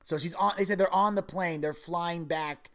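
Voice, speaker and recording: A man's voice: on the high side, normal speed. A man hosting a podcast, telling a long story in casual chat and acting out the quoted lines. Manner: animated storyteller who acts out quoted lines. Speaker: podcast host.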